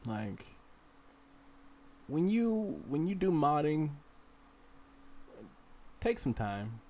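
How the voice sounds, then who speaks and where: A man's voice: a little high, sing-song, drawn-out words, dark tone. A man hosting a casual screen-share game modding tutorial, rambling as he works and urging viewers to try things themselves. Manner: rambling, talks to viewers directly and urges them on. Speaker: gaming livestream host.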